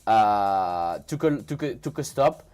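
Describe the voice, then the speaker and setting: A man's voice: fairly low pitch, lively intonation, takes it slowly, darkish tone, soft background music. A man with a French accent, a native French speaker, chatting casually with viewers on a trading live stream, often restarting and repeating words. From France. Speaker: crypto trading livestreamer.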